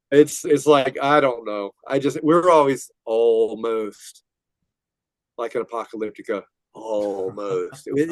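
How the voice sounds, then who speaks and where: This older male guest, a metal musician, laughs a lot while spinning rambling stories in a casual interview, retelling events with animation. He speaks in a mid-range voice with no room sound.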